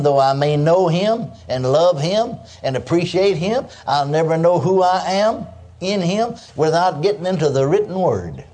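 A man's voice: on the high side, a little mellow. A man preaching a sermon, emphatic, breaking in with cries of praise and calling on listeners to answer him. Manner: calls for audience response.

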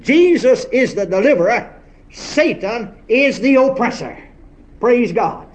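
A man's voice: very high-pitched, lively intonation, measured pace. A man preaching a sermon, exhorting his congregation with rhetorical questions and calls of praise.

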